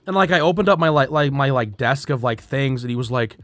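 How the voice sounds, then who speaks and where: A man's voice: mid-range voice, animated, fast talker, few pauses, fairly bright tone, no room sound, soft background music. A young man streaming, telling a work story in a rambling, profane way, with frequent laughs and restarts.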